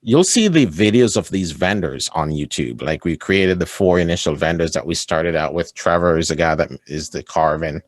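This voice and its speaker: In a casual podcast interview, a man who works as a sales coach speaks enthusiastically, laughs often, and keeps adding "right?" to his points. His low voice is animated and moves at normal speed with hardly any pauses, captured in clean studio sound with no room noise.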